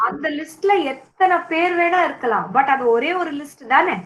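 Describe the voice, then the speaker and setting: High-pitched teacher lady w/ tamil accent, roomy echo, keeps asking "okay? right?". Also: lively intonation, racing, hardly any pauses, fairly bright tone. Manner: explains with frequent checks and fillers. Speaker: English teacher. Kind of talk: online class lecture.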